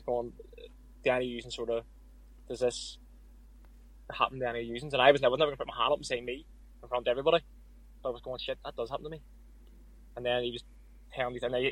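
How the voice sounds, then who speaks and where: A man's voice: mid-range voice, a bit bright, no room sound, low-quality recording. A young man with an Irish accent, a boxer as guest, candidly telling stories in a casual podcast interview. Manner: candid, storytelling with quoted asides.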